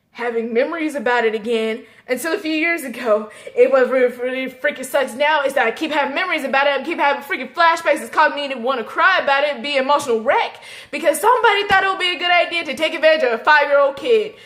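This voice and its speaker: A young woman vlogging a personal story, emotional and halting, tearful and repeating herself. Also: high-pitched, fairly bright tone. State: tearful, crying at times.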